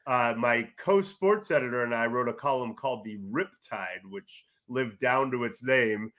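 A middle-aged man from California, a sports journalist and guest, telling loud, rambling stories in casual podcast chat. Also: mid-range voice, measured pace. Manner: animated storyteller, loud, rambling with restarts.

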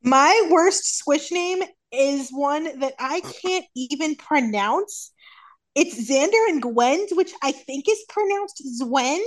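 A woman's voice: high-pitched, lively intonation, slow pace. A woman co-hosting a casual group chat, wry and matter-of-fact. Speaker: podcast co-host.

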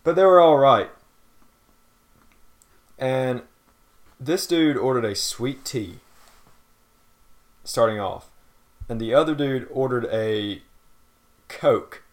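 A man's voice: medium pitch, slow, pauses often. A young man co-hosting a podcast, telling a work story in casual chat and acting out customers in quotes. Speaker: podcast co-host.

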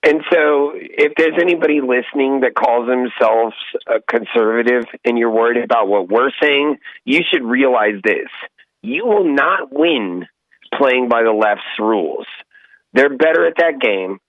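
A man's voice: medium pitch, unhurried, dry recording. A male podcast co-host talking politics and exhorting listeners in a preachy way, on dull lo-fi audio. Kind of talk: casual political talk.

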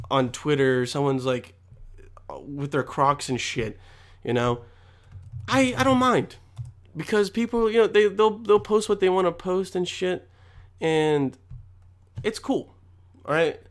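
A man's voice: sits high, a bit bright. A young man ranting to camera with constant swearing, rambling and mock exasperation. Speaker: vlogger. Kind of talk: profane comedic rant.

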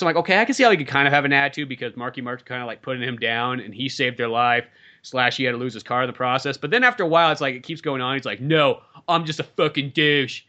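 A man co-hosting a podcast, ranting about movies in casual chat with lots of swearing. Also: mid-range voice. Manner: profane, animated movie ranting. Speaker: podcast co-host.

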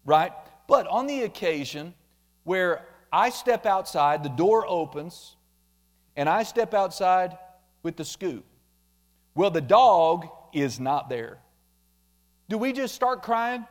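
A man preaching a sermon, animated, acting out quoted complaints in mocking voices. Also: high-pitched, slow pace, long pauses. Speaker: pastor.

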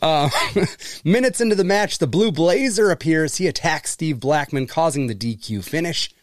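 Seorang pria pembawa podcast yang bercerita santai sambil sering tertawa, suara kering tanpa gema. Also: male voice, on the high side, expressive, moderate pace, no echo, studio quality. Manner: laughs often, swears casually. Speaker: podcast co-host. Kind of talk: casual recap chat.

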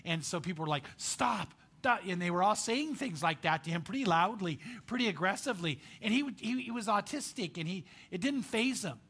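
A pastor from Southern California preaching a sermon in an animated, chatty way, asking the congregation questions. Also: male voice, high-pitched, fairly quick, few pauses, breathy edge.

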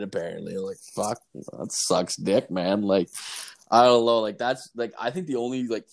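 A young man from Canada telling rambling stories in casual chat, full of swearing and fillers. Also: lowish voice.

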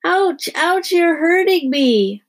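Lady putting on a sobbing whiny little girl, high and loud, storybook crybaby. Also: animated, unhurried, creaky, husky, full character voice. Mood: whining. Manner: bawling, sobbing, wailing. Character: whiny eight-year-old crybaby girl.

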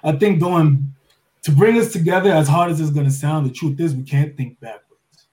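A man from New York giving an impassioned monologue full of rhetorical questions, swinging between loud and soft as a podcast guest. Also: fairly high pitch, normal speed.

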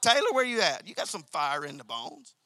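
Man, pastor, sermon, emphatic, repeats key lines, bright tone, dry sound. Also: fairly high pitch, big pitch swings, a little fast, no echo. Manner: emphatic, repeats key phrases, calls out to congregation.

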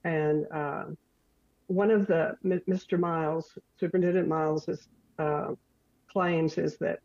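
Older woman guest, retired librarian, slow and measured, earnest, dull lo-fi remote sound. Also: low voice, fairly even intonation, darkish tone, dry recording. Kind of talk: podcast interview.

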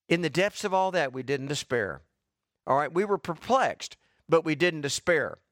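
A pastor preaches in a folksy, conversational way, building to emphatic repeated lines. His voice sits a bit high and sounds slightly worn and short of breath. The sound is close and dry. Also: lively intonation, moderate pace, fairly bright tone, no room sound. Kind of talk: sermon.

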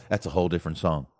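A man's voice: low-pitched, a little mellow, a little hiss or hum. A man co-hosting a podcast in casual chat, rambling and making self-deprecating, salty jokes. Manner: salty, profane humor. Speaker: podcast co-host.

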